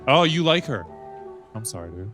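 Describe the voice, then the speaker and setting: A man's voice: mid-range voice, big pitch swings, normal speed. A male streamer with a mid-range voice that swings up and down a lot, commenting casually on his game. He jokes along and talks back to the characters, with faint game music under him. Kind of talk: casual let's-play commentary. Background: game audio and music.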